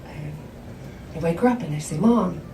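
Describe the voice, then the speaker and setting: A woman from South Georgia telling a personal story on stage at a live storytelling show, candid and conversational, acting out quoted lines in a higher voice. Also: lively intonation, fairly quick, noisy background. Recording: roomy hall sound from a distant mic.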